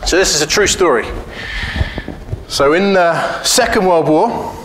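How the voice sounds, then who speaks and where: Man speaker, slightly high voice, blunt, profane and joking, in an echoey hall with a faint hum behind him. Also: lively intonation, unhurried, fairly bright tone. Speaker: conference speaker. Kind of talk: casual conference talk. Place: conference hall.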